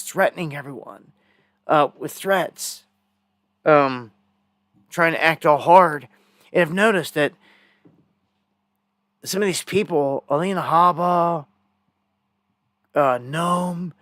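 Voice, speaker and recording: A man's voice: fairly high pitch, fairly bright tone, no echo, clean studio sound. A man hosting a live news stream, rambling and indignant in a conspiratorial commentary.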